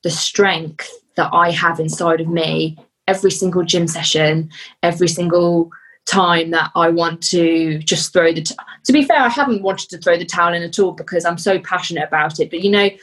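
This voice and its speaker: Brief: young woman guest, somewhat low voice, earnest, halting, heartfelt interview talk. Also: fairly even intonation, fairly bright tone, slightly rough, low-quality recording. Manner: earnest and heartfelt, pausing often with "um". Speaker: podcast guest, fitness athlete. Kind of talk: casual interview chat.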